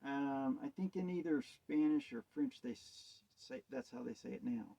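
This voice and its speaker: A man's voice: medium pitch, moderate pace, creaky, warm tone. A man giving a rambling, hesitant monologue on wordplay and scripture, asking musing rhetorical questions. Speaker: self-styled preacher. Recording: dull lo-fi sound.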